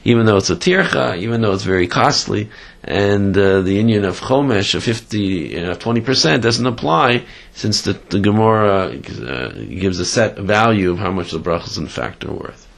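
A man telling a story in a Torah class, halting with many fillers and animated retelling. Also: fairly low pitch, vocal fry. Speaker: Torah teacher.

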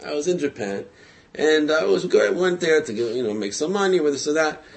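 A man telling a religious story in a casual, lively way, with frequent hesitations, fillers and chuckles. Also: fairly high pitch, fairly quick, vocal fry.

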